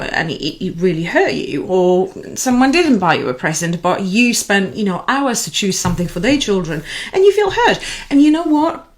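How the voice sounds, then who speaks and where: A woman coaching viewers on emotions in a casual teaching monologue, animated and chatty, with frequent fillers. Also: lowish voice.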